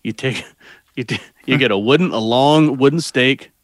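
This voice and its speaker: A man's voice: mid-range voice, normal speed, no echo, clean studio sound. Chuckling man chiming in casually. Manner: chuckling, chiming in with short remarks. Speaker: podcast co-host. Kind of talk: casual chat.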